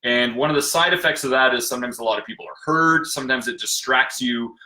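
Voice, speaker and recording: A man's voice: medium pitch, quick pace, pushed and bright, echoey room, low-quality recording. A man hosting a casual live stream, rambling and self-deprecating. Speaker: host.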